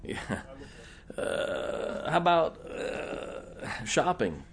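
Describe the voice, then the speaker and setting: A man's voice: fairly high pitch, very animated, drawn-out words. A middle-aged man preaching a sermon as pastor, folksy and often joking and laughing with the congregation.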